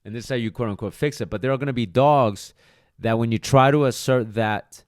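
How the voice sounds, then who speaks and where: This podcast host is a dog trainer delivering a monologue in a brisk, mid-range male voice. He's blunt and emphatic, swearing casually, and the studio-quality recording has no room sound.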